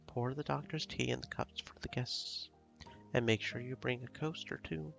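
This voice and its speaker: A man voicing a stubborn, fussy old village grandmother, with a slow, scolding and blunt way of talking. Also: mid-range voice, fairly even intonation, creaky, fairly bright tone, muffled recording, soft background music. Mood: bossy.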